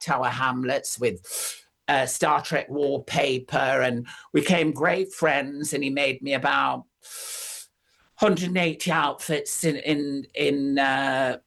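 An older speaker reminisces in an unhurried, drawn-out way. The talk rambles through plenty of fillers and restarts, then leaps up in pitch when excited. The pitch sits in a middle range. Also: creaky. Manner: rambling and animated, with frequent fillers and sudden high pitch jumps. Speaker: interviewee, former pop singer. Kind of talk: casual reminiscing.

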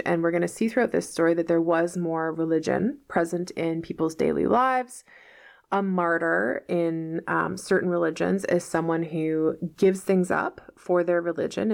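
Low, gravelly-voiced woman teacher. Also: darkish tone. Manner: patient, step-by-step, checks with "right?". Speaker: English teacher. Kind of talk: explaining a novel to learners.

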